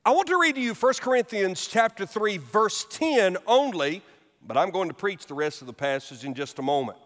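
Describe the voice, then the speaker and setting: Man, pastor, sermon, high-pitched, animated storytelling, long church-hall reverb. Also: normal speed. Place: church sanctuary.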